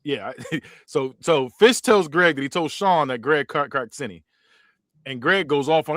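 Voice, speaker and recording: A man's voice: unhurried, a bit bright, no echo, clean studio sound. A man, hosting a podcast and casually recapping a movie, laughing often and acting out the lines. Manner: laughs often, acts out quotes with big pitch jumps. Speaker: podcast host. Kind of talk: casual movie review chat.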